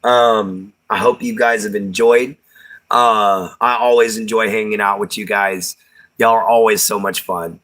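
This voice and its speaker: Man, Texan accent, livestream host, bright voice, easygoing chat, Southern slang, laughs a lot. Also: on the low side, fairly even intonation, a little slow. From Texas. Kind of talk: casual chat reading viewer comments.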